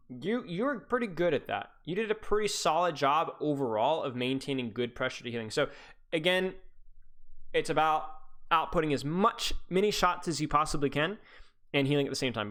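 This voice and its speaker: A man's voice: mid-range voice, a bit bright. Male coach, live-stream review. Rambling, teasing, restarts often. Mid-range voice.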